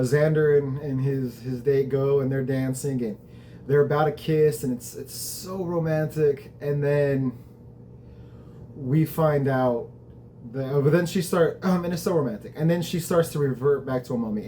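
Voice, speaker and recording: Mellow-voiced man casually recapping an episode. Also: medium pitch, fairly even intonation, measured pace, a little hiss or hum. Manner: conversational, reflective, with occasional swearing.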